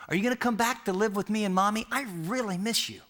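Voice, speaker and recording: A man's voice: sits high, fast, sharp tone, pitched above the performer's own voice. A man voicing a sad eight-year-old girl who asks her father to come home, in a small, plaintive voice. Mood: pleading.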